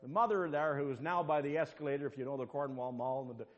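A male pastor preaching a sermon and telling a personal story, swinging between quiet asides and loud, high-pitched exclamations. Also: steady tone, fast, muffled recording. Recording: long hall reverb.

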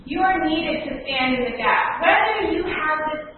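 A woman preaching a sermon in a conversational, animated way to a church congregation. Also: sits high, measured pace, narrow, tinny audio, a little hiss or hum. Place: church sanctuary. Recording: distant, echoey church hall audio.

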